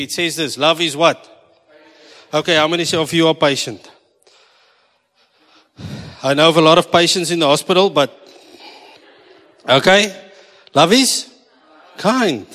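A South African pastor preaches to his congregation with a slightly high voice, teasing them and mixing in Afrikaans asides. His voice carries a long echo around the church hall. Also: bright, forceful tone. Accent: South African English. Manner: jokey, switching between English and Afrikaans. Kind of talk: sermon.

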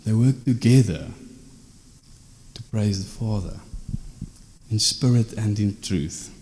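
A male preacher talks through scripture in a relaxed, conversational way, checking in with his listeners through tag questions. His voice sits low, with a mellow, dark tone. The sound rings out with the long reverb of a hall. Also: slow pace, slight background noise. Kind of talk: informal teaching sermon.

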